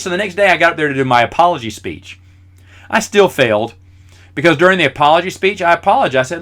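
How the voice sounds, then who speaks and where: A man's voice: on the high side, very animated, fast, a bit bright. A man in his forties hosting a podcast, telling rambling, self-deprecating stories with lots of fillers. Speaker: podcast host. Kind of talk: casual storytelling.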